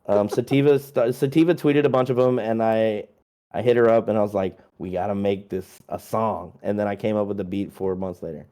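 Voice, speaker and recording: A man's voice: lowish voice, fairly even intonation, brisk, dark tone. A young man, a musician guest, chatting casually through a long list of his releases, rambling and joking with lots of fillers.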